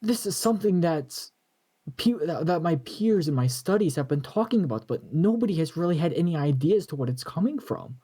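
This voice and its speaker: A man playing a character in a tabletop game, stammering and halting in his speech. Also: fairly high pitch, lively intonation, dark tone, husky. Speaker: player.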